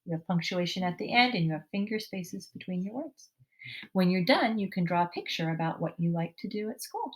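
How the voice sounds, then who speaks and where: A woman leads a writing lesson for young schoolchildren, with a voice that sits a little low. She speaks slowly and clearly, sounding out each word and keeping the tone encouraging. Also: animated. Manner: slow, clear, encouraging teacher voice, sounding out words. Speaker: teacher. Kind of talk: classroom lesson for young children.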